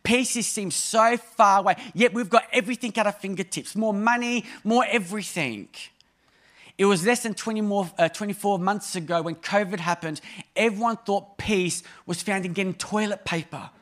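A man in his thirties preaching a sermon in a conversational, humorous way, with sudden emphatic rises and soft drops. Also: high voice, normal speed. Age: 30s.

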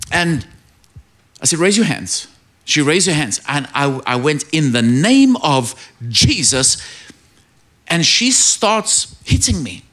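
A middle-aged man preaches a sermon in a lively, swooping voice that sits a little high for a man. He tells his stories with animation and builds up to shouted praise.

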